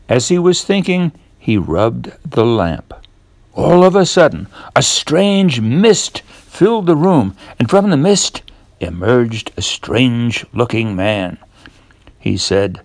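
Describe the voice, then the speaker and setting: An older man reading a fairy tale aloud to children in a gentle, measured way. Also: mid-range voice, animated, vocal fry, dry recording, soft background music. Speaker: storyteller.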